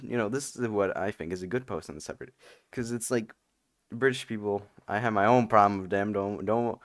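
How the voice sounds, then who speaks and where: A man's voice: sits low, no echo, studio quality. A man hosting a casual reaction commentary, rambling and sarcastic, with lots of "like" and "you know". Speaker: commentary host.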